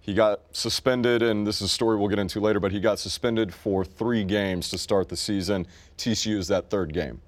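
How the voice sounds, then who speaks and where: A man's voice: lowish voice, steady tone, fairly quick. A young adult man co-hosting a sports talk show, brash and profane, ribbing his co-host in casual banter. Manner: brash, profane, mock-insulting.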